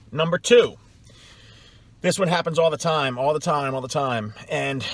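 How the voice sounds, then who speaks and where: In his blunt advice vlog, a middle-aged sales coach speaks in a mid-range, somewhat bright voice with no room sound. He drives his points in through scornful, emphatic repetition.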